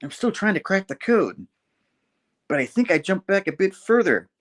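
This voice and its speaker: A man voicing a desperate young male time traveler who talks in a rushed, anxious way. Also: sits high, very animated, voice pushed up. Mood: frantic.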